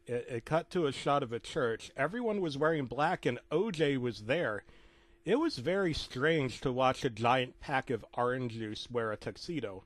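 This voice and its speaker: A man narrating a comedic creepypasta with rambling deadpan asides and stumbling restarts. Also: medium pitch, moderate pace, no room sound.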